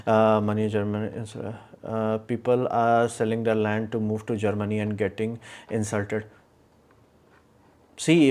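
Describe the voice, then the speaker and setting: A man's voice: fairly low pitch, darkish tone. A man hosting a casual live stream, giving strong opinions in a rambling way with many fillers and restarts. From India.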